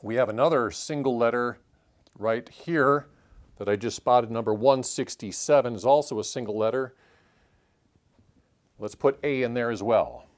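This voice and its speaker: Thinking aloud in a calm, measured way, the host of a puzzle-solving channel works through a word puzzle alongside the listener. He calls out letters and clue numbers one at a time, his voice at an ordinary middle pitch for a man.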